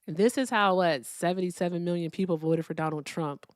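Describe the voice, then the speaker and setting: A woman's voice: fairly low pitch, brisk, no echo, studio quality. A woman in her thirties hosting a live debate stream, blunt and profane as she talks to callers and chat. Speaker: livestream host.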